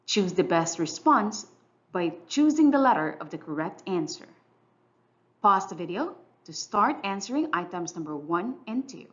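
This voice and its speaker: A woman teacher giving a clear, measured, scripted English lesson narration. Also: mid-range voice, very animated, a bit bright, highs cut off. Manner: clear, instructional, measured delivery.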